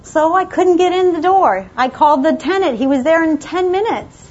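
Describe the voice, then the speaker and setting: A woman with a high voice delivers a motivational talk to an audience, pressing her points with emphatic, repeated commands. The recording is muffled and lo-fi. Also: lively intonation, moderate pace, a little mellow. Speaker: motivational speaker.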